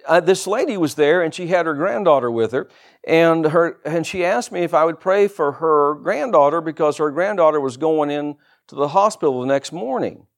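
Animated, higher-voiced male preacher. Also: normal speed. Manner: lively preaching with humorous asides and rhetorical questions. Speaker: pastor. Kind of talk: sermon.

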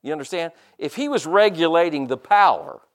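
A man's voice: a little high, lively intonation, fairly quick. An older man preaching a sermon in a folksy, conversational way, often repeating and restarting words and acting out quoted voices. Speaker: pastor.

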